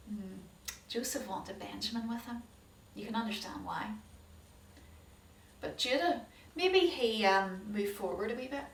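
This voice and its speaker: A woman telling a Bible story to children as a Sunday school teacher, animated and asking her listeners questions. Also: on the high side, moderate pace, gravelly, pauses often. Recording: roomy hall, distant mic.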